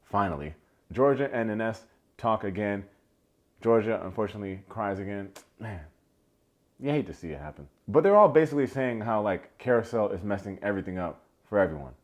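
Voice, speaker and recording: A young man casually recapping a reality show, chatty and playful, with lots of "like" and quick asides. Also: lowish voice, expressive. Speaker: YouTube recap host.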